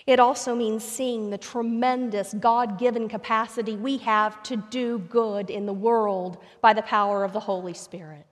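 A woman's voice: fairly high pitch, fairly even intonation, moderate pace, hardly any pauses. A woman pastor preaching a sermon, telling a story and rising to emphatic questions. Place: church sanctuary. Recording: long reverb of a church sanctuary.

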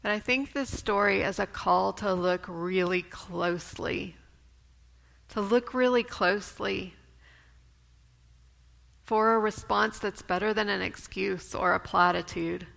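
A woman preaching a sermon in a church, speaking in a measured way and quoting scripture. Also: mid-range voice, vocal fry, fairly bright tone. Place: church sanctuary. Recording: long reverb of a church sanctuary.

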